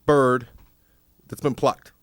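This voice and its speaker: A man co-hosting a casual podcast, telling a long story with lots of swearing and sudden jumps in pitch. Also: little pitch movement, slow, a bit bright, slight background noise. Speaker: podcast co-host. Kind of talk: casual chat.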